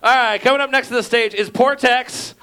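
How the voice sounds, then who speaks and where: A man introducing readers at a comedy event, dry and sarcastic with many halting fillers. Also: very high voice, steady tone, sharp tone, smooth. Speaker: event emcee. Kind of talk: casual stage introduction.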